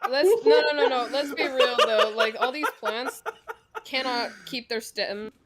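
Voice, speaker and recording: A woman's voice: sits high, a little slow, a loud crowd. A woman who is a player in a tabletop role-playing game, chatting casually and making teasing, crude jokes.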